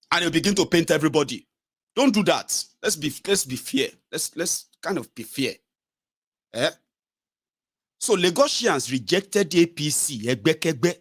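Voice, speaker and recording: Animated Nigerian man, lively commentary. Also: slightly rough. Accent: Nigerian English with Pidgin and Yoruba. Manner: mimics callers in high voices, switches between English, Pidgin and Yoruba. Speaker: political commentator, channel host. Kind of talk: animated political monologue.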